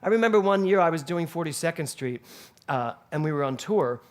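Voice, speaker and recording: A man's voice: a little high, animated, brisk. A male minister giving a Sunday sermon in a spiritual center, telling stories animatedly and laughing along the way.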